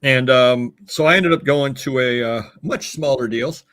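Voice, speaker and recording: A man hosting a live online chat show tells long, meandering anecdotes, pausing often with filler words. His voice is plain middle pitch and a bit bright.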